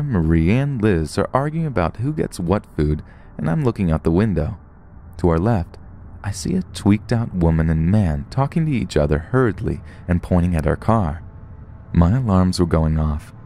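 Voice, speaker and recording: A man with a very low, dark voice narrates scary true stories. His pitch moves a lot as he tells them, rising and falling with the story. The telling is scripted and steady. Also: slight background noise. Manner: storytelling, puts on short voices for quoted people.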